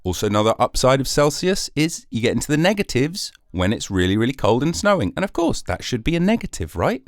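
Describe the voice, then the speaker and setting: A man's voice: mid-range voice, very animated, fast talker, dry recording, studio quality. A British man hosting his own podcast, rambling through a jokey, sarcastic solo monologue. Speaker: podcast host.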